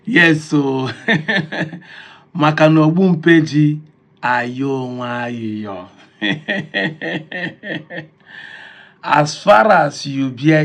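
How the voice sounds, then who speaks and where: A man's voice: fairly high pitch, very animated, slow, long pauses. A Nigerian man with a Nigerian accent giving mocking reaction commentary, often laughing between points and mixing in Pidgin and Igbo.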